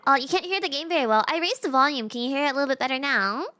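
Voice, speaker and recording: A woman's voice: high voice, very fast, pushed and bright. A young woman streaming a game, chatting casually and reading the story aloud with self-mocking asides.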